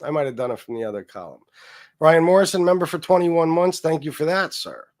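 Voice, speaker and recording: Profane ranting man in his forties. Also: fairly quick. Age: 40s. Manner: heated, profane, jumping between loud jabs and low mutters. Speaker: livestream host. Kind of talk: profane livestream rant.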